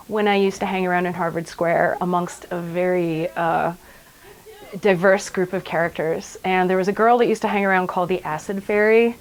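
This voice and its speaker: A woman's voice: on the low side, darkish tone, low-quality recording. A middle-aged woman, a tattoo shop owner telling her story in a documentary interview, chatty and acting out quotes.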